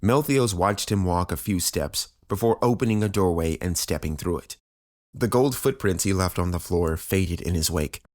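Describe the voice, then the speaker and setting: A man narrating an audiobook in a steady, even reading style. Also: deep voice, normal speed.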